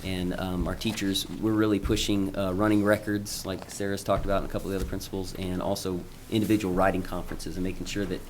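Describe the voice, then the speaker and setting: Deep-voiced man presenting at a meeting. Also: little pitch movement, a little hiss or hum. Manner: informal, halting, with frequent ums and restarts. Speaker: school principal presenting to a school board. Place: school board meeting room.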